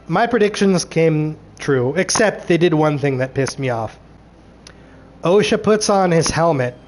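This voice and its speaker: A man rambling through a show recap, exasperated and sarcastic, swearing freely as he picks apart the plot. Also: on the high side.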